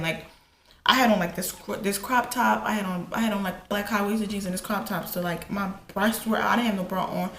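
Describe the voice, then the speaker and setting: A woman vlogger casually telling a personal story while getting ready, animated and profane, acting out quotes. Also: quick pace. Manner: animated, profane, retells quotes with rising pitch. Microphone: camera in front. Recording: echoey room with faint ambience.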